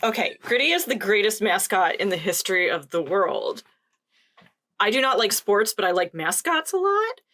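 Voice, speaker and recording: A woman chats casually as a podcast co-host. She giggles often and tells stories with bright enthusiasm. Her voice sits at an everyday mid pitch. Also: sing-song, normal speed. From Philadelphia. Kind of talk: casual chat.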